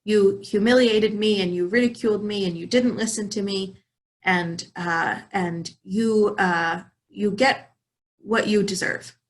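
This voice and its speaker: A woman's voice: medium pitch, fairly even intonation, unhurried, lightly acted. A woman voicing a hardworking, lonely female field mouse in a storybook tale, speaking firmly and earnestly. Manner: firm, earnest.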